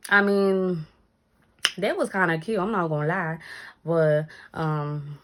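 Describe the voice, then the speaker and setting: A woman's voice: takes it slowly, long pauses. A young woman tells a story in a casual vlog, acting out what people said with big jumps in her voice. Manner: animated, acts out quotes with big pitch jumps. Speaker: vlogger.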